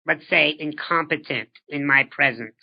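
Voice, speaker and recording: A man in his 30s, appearing as an interview guest, speaks earnestly and reflectively, frequently asking rhetorical questions and repeating words as he begins a thought. His voice is on the high side with vocal fry at a normal speed, captured in a dull lo-fi recording.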